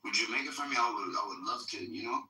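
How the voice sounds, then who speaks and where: A man's voice: on the low side, fast talker, pushed and bright, echoey room, distant mic, a little hiss or hum. A man from Africa in casual, teasing banter with friends. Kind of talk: casual chat.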